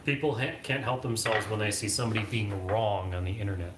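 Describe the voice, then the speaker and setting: A man's voice: lowish voice, steady tone, fast. Dry-talking man in an echoey kitchen. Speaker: livestream co-host reading chat. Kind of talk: casual chat. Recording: echoey room with clear background noise.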